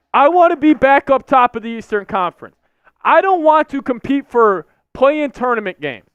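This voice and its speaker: Frustrated, a young man keeps circling back to the same complaints in a repetitive rant on his live stream, his voice high and smooth. Faint music plays behind the dry, somewhat dull lo-fi sound.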